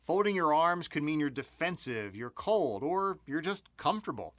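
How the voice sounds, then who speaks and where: A man narrating a customer service training module, explaining clearly and stressing key words. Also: fairly high pitch, expressive, normal speed, fairly bright tone, dry recording, clean studio sound. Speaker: instructor.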